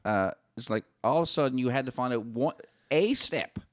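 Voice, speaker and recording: A man's voice: mid-range voice, expressive, brisk, dry recording, studio quality. A man talking as a podcast guest, earnest and encouraging, repeating his points for emphasis. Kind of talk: casual conversation.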